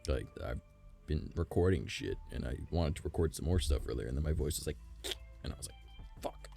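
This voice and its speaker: A man with an extremely low, gravelly, warm voice talks briskly and expressively in a casual stream. He rambles, swears, and laughs often, his voice sounding strained and worn, with faint music in the background.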